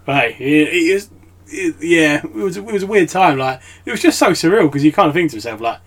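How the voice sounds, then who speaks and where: Husky man talking haltingly. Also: a little high, expressive. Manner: halting, hesitant, restarts often. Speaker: podcast guest. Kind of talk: casual chat.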